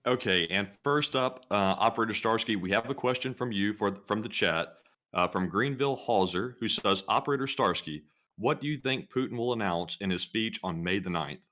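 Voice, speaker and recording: A man co-hosting a livestream, briskly reading off donations and viewer questions. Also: fairly low pitch, sharp tone. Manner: reads long lists of names briskly.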